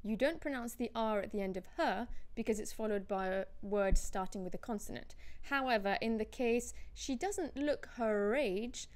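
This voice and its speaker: British woman giving careful pronunciation examples. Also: mid-range voice. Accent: Southern British English. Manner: slow, careful word examples. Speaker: accent teacher. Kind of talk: scripted lesson dialogue.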